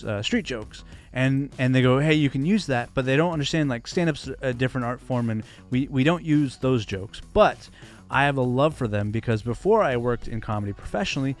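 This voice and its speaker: A man hosting a casual monologue about comedy, earnest and enthusiastic, with plenty of fillers. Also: mid-range voice. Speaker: host, comedy editor and stand-up comic.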